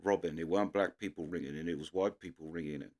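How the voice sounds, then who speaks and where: A young Londoner hosting a reaction video offers loose, rambling commentary packed with restarts and fillers. He talks fast in a low, a little mellow voice with fairly even intonation.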